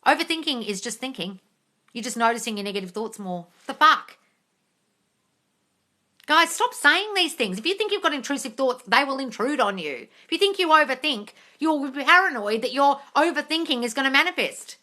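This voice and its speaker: A woman hosts a live Q&A and answers her viewers' comments in a blunt, scolding, exasperated way, with a lot of swearing. Her voice is bright and sharp, and it swings widely in pitch, rising and falling as she pushes her point. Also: lively intonation, normal speed. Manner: reads viewer comments aloud. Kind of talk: casual live-stream Q&A.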